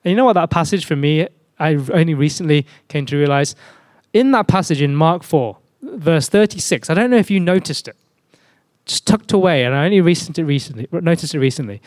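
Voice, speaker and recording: A man preaches a sermon in a conversational tone and poses rhetorical questions. His voice sits fairly high. The sound is dry and close. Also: lively intonation, brisk, darkish tone, no echo.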